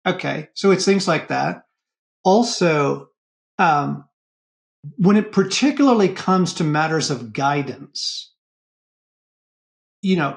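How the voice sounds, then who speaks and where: A middle-aged man speaking as a guest in a podcast interview, earnest and animated. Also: fairly high pitch, slow, gravelly, pauses often. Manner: earnest, animated when quoting inner voices. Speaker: guest author.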